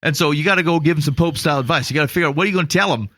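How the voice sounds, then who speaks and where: With a fairly high, slightly bright voice, an Iowa podcast co-host races through a long, casual story. He rambles, pokes fun at himself, and keeps laughing as he goes, and there's no room sound in the recording.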